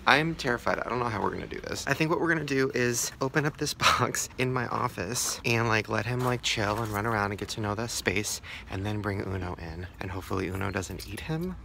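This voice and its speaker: Excitable, joking man with gravelly fry. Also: fairly low pitch. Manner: excitable and jokey, swears a lot. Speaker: vlogger. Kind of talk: casual chat. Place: at home indoors. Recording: echoey room, faint background noise.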